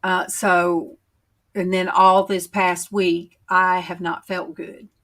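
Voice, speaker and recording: Slow, heartfelt woman. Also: fairly low pitch, flat delivery, fairly bright tone. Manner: slow, emotional, heartfelt, many pauses and fillers. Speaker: channel host on a faith livestream. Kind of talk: casual chat, reading viewer comments.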